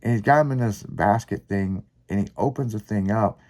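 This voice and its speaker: A man hosting a podcast, telling a long story in casual, profanity-laced chat with lively, rambling delivery. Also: on the low side, normal speed. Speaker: podcast host.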